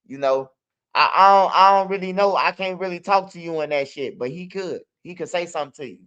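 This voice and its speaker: A man's voice: sits high, fairly quick, sharp tone, clear, resonant tone, muffled recording. Casual young man, raised voice, loose streetwise storytelling. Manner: streetwise, loose, peppers talk with "bro" and "you hear me". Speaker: channel host.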